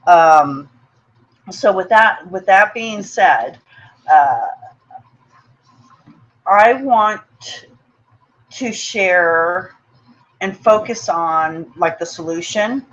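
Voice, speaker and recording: A woman's voice: on the low side, lively intonation, extremely slow, pauses often, highs cut off. A woman hosting a motivational webinar, talking in an earnest, personal way, often repeating words and checking in with "okay?". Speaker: webinar host.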